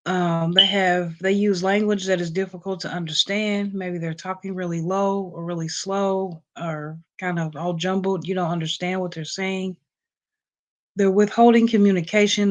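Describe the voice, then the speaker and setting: Just out of bed, a woman hosts a casual livestream, reading points off a list with plenty of ums and chatting with viewers. Her voice is fairly low-pitched and the audio sounds dull.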